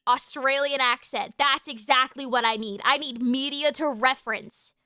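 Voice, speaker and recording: A young woman streaming, chatting casually and excitedly, with sudden shouted outbursts. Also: high voice, moderate pace, smooth, dry recording, studio quality. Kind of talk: casual live-stream chat.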